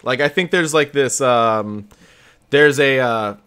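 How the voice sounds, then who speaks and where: A man co-hosting a casual podcast, relaxed and teasing as he talks. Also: mid-range voice, slow pace, clean tone. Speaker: podcast co-host.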